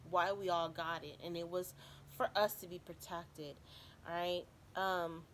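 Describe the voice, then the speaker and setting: Chatty woman giving a spiritual reading. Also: medium pitch. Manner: rambling, checks in often with "all right?". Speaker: tarot card reader. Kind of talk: casual spiritual reading for viewers. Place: home room with window open. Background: faint noise from outside.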